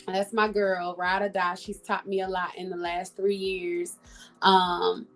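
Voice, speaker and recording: A woman's voice: lowish voice, flat delivery, unhurried, faint music behind. A woman, a guest on a video call, introducing herself and her businesses in an upbeat, self-promoting way. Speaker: guest, entrepreneur.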